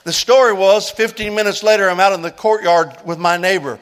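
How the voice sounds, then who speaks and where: An older man preaches a sermon. His voice sits high. He tells a story, then builds into loud, urgent preaching and an altar call. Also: a little fast. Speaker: pastor.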